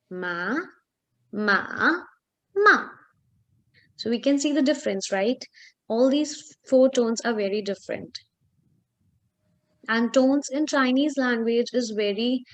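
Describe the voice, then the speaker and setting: A woman walks a student through a Chinese lesson, speaking slowly and carefully. Her voice sits a bit high, and she pauses often with small fillers as she explains. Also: darkish tone. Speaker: Chinese tutor. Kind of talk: online language lesson.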